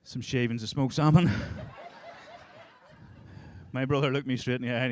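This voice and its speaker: A man's voice: medium pitch, fairly even intonation, normal speed, a little hiss or hum. A man in his thirties with a strong Northern Irish accent, telling crude stories in a stand-up set on a club stage. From Northern Ireland. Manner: crude, storytelling, laughing through punchlines. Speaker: stand-up comedian.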